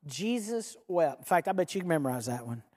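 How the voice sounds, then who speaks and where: In a big church hall with a long reverberant echo, a very animated pastor at medium pitch addresses a live congregation in a conversational style. He shifts between quiet, slow passages and loud, rapid outbursts, at times having the crowd repeat lines after him.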